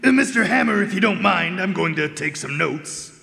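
A man plays a talking dog detective with a high, gravelly voice. He keeps his remarks dry and wry, like a radio play sleuth, and the sound carries a roomy reverb. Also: lively intonation, normal speed, bright, forceful tone, heavily acted. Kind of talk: radio drama acting.

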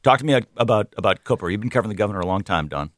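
A man co-hosting a radio news roundup, relaxed and conversational with frequent "uh" fillers. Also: lowish voice, racing, no echo, studio quality. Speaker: radio show co-host.

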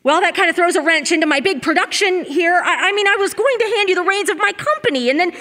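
An earnest company owner. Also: female voice, extremely high pitch, lively intonation, quick pace, sharp tone, exaggerated voice. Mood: surprised. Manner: earnest and emotional. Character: warm woman company owner about to retire. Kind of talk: live radio drama acting. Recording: live stage recording, long hall reverb.

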